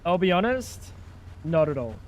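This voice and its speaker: A young man with a fairly high voice, chatting loosely while he plays a game on a livestream. He jokes, teases, and riffs back at his viewers in a relaxed, casual way. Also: normal speed, a little hiss or hum. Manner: joking, chatty, talks back to chat. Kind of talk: casual gaming stream chat.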